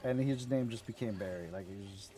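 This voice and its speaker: A gaming streamer with a lower, warm voice talks a little fast, with a bit of hiss or hum in the audio. While playing a video game, he gives casual commentary, rambling through stories, swearing loosely and laughing at his own tales.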